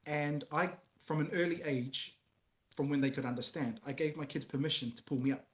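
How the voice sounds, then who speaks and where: In an echoey room, a man with a slightly high voice speaks fairly quickly as a guest in a casual conversation about fatherhood. He's earnest, telling stories from family life and acting out his kids' voices.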